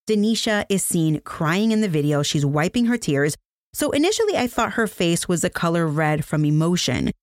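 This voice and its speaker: Lively, dry-voiced woman narrating. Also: lowish voice, no room sound. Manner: earnest, descriptive storytelling. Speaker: podcast host. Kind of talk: scripted narration.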